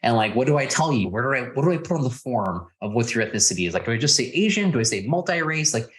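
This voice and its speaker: A man's voice: medium pitch, rapid-fire. A young man from Texas, a podcast guest, talking casually and animatedly, often acting out both sides of conversations. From Texas, USA. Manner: animated, acts out quoted exchanges with a raised voice. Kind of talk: casual interview chat.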